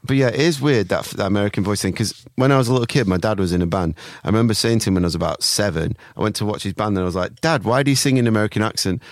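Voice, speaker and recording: A man co-hosting a podcast, chatting casually and telling animated stories, sometimes mimicking voices and swearing. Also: on the low side, very fast, hardly any pauses, no echo, clean studio sound. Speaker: podcast co-host. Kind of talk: casual chat.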